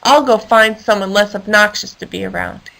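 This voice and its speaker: A woman voicing a big, slow, gloomy male hippo in a storybook, drawing her lines out. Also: mid-range voice, creaky, fairly bright tone. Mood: grumbling.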